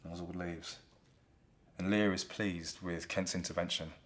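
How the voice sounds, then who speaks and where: Deep-voiced man casually retelling a play. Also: unhurried. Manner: relaxed, conversational. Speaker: storyteller.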